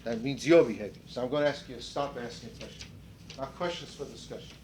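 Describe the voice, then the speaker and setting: With a fast, medium-pitched, somewhat dark voice, an older seminar leader guides a discussion in a chatty lecturing style. He reworks sentences as he speaks and poses questions to the group, over a faint hiss or hum.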